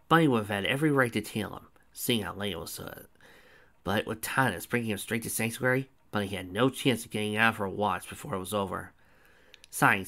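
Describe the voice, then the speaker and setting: Casual male storyteller, low voice, reads own fan fiction. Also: pushed and bright. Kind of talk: reading fan fiction aloud.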